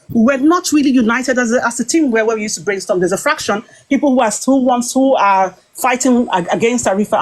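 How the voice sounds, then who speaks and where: British woman, kinda high voice, retelling a group call drama, quoting everyone, lots of restarts. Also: rough recording. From Britain. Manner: animated storytelling, quoting herself and others, frequent restarts. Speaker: guest recounting a dispute. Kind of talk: casual spoken account.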